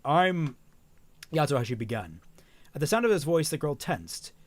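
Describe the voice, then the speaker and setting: A man's voice: on the high side, wildly swooping pitch, a little fast, darkish tone, dry recording. A man reading a fan story aloud on a stream, correcting himself often and dropping casual, profane asides.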